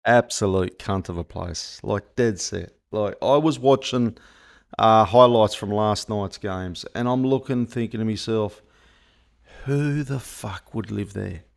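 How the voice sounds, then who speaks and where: A man's voice: lowish voice, measured pace. An Australian man hosting a football podcast in loose, sweary, laughing chatter. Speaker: podcast host. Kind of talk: casual football podcast chat.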